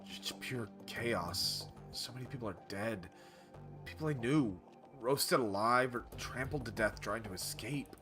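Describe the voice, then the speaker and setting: Male streamer doing a broken middle-aged survivor, hushed and halting. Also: medium pitch, music in the background, close to an everyday voice. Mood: haunted, hushed.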